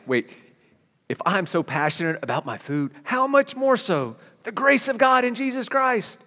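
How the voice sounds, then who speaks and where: High-voiced preacher in a reverberant hall. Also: male voice. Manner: animated, emphatic bursts. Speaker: pastor. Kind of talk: sermon.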